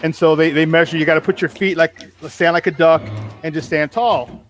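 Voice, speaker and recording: A man's voice: a little high, steady tone, fairly quick, soft background music. A man in his forties, a podcast co-host and former player and coach, chatting casually about sports. He tells stories with energy, acts out quotes and swears freely.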